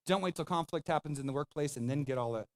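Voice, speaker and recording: A man's voice: on the high side, fast. A man pastor preaching a sermon, speaking emphatically and conversationally, addressing the congregation directly.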